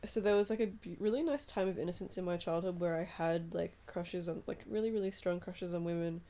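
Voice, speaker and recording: A young Australian woman in her twenties co-hosts a podcast, chatting casually and sleepily late at night. Her lowish voice is brisk, and she's relaxed and chatty, swearing and giggling.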